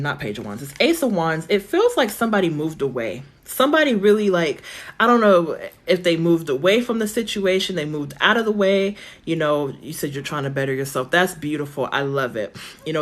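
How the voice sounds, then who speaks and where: A woman giving a live-stream tarot reading from her phone, chatty and reassuring, thinking aloud with lots of fillers, her voice going hoarse. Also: sits low. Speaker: tarot reader.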